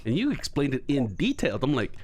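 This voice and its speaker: A man hosting a podcast, asking questions in a halting way with many restarts. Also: mid-range voice. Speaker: podcast host. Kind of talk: casual chat.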